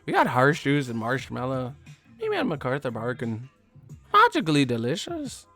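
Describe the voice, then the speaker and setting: A man putting on a tipsy, jolly leprechaun voice with a mock Irish accent, high and lilting. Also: huge pitch swings, normal speed, gravelly, sharp tone, faint music behind, full character voice. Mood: giddy. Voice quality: high, lilting and sing-song.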